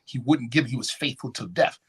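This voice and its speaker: A conference speaker gives an animated slide lecture in the hall, regularly questioning the audience call-and-response style. His mid-range voice moves a little fast, with a breathy edge.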